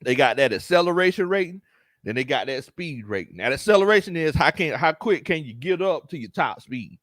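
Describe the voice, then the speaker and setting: Man, sports stream host, animated delivery, dry close mic. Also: on the high side, fairly quick, dry recording. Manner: laughs often, Southern slang, animated reactions. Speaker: sports show host and coach. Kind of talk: casual livestream chat reading comments.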